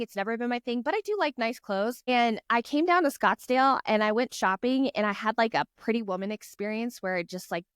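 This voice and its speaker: Female guest, chatty and earnest, higher voice, dry close sound. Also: smooth, dry recording. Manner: earnest, encouraging, chatty storytelling. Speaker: guest author. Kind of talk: casual podcast chat.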